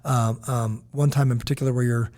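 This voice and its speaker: Man, 40s, podcast co-host, warm mellow tone, loose conversational storyteller. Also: mid-range voice, brisk. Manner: animated, rambling storyteller with frequent "right?".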